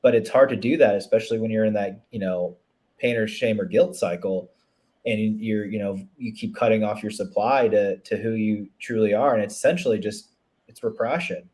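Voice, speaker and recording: In a relaxed interview, a relationship coach speaks earnestly and reflectively at a normal speed, his lowish voice a little mellow. He tends to restart sentences and add "you know."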